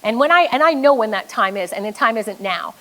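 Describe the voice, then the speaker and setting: A woman's voice: fairly high pitch, animated, fairly quick, bright, forceful tone, rough recording. A Canadian woman giving a motivational keynote as a business coach, emphatic and blunt, with some swearing. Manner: emphatic storyteller, blunt and profane.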